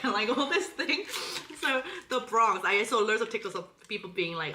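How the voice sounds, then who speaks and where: Giggly british woman rambling on a podcast, bright voice, echoey room. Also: medium pitch, a little fast, hardly any pauses. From Britain. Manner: giggly, rambling, heavy use of "like". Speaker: podcast guest. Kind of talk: casual chat. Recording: echoey room with faint noise.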